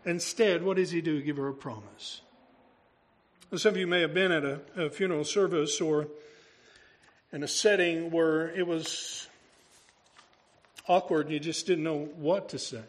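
High-voiced man preaching a conversational sermon. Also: fairly even intonation, moderate pace, pauses often. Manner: conversational preaching with rhetorical questions. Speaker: pastor.

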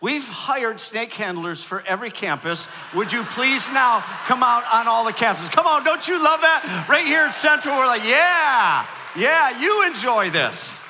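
A man's voice: very high voice, animated, normal speed, hardly any pauses, in a large hall, background noise. A man preaching a sermon as a pastor, cracking jokes and calling on the congregation to repeat lines after him. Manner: joking, calls for audience responses. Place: large church auditorium.

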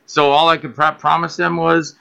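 A man guest on a podcast telling stories about his filmmaking, animated and acting out other people's voices. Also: on the high side, normal speed, gravelly, clear, resonant tone, highs cut off. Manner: animated, acts out quoted voices, laughs often. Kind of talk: casual storytelling interview.

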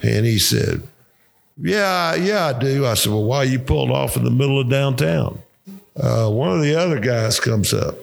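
A retired football coach, appearing as a guest, is an older man with a drawl and a gravelly, ordinary-pitched voice. Speaking at normal speed, he casually rambles through coaching stories full of swearing and his own laughter.

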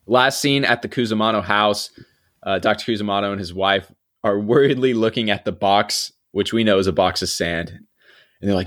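Chatty young man, low voice. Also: moderate pace. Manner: relaxed, chatty, laughs often, trails off quietly. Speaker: podcast host. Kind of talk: casual chat recapping a TV episode.

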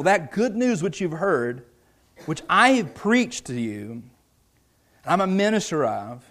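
A male pastor preaching in a fairly high voice. He talks earnestly and conversationally, stumbling into restarts, then rises loud for emphasis and drops low and soft on key points. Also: sing-song, a little slow. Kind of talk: sermon.

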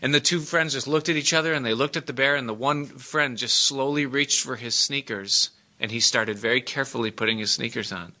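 A man's voice: medium pitch, fairly quick, few pauses, bright, forceful tone. A man preaching a sermon in a conversational way, explaining scripture, telling stories and chuckling between points. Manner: conversational, chuckles often, tells jokes and stories.

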